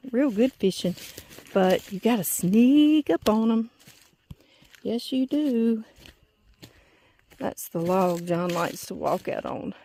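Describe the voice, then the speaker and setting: A woman's voice: on the low side, a little mellow, slight background noise. Chatty Southern woman on a walk. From Louisiana. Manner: chatty, folksy, laughs often. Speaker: vlog host. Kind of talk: casual walking vlog. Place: outdoors in a pasture, then a porch.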